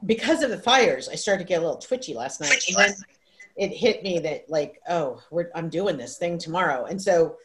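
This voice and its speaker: A woman in her fifties with a somewhat low voice, speaking casually into a video call microphone. She tells her story in an emotional, meandering way, stumbling over restarts and side remarks. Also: expressive, normal speed, a bit bright, a little hiss or hum. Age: 50s. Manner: rambling, emotional, full of restarts and asides. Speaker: livestream host.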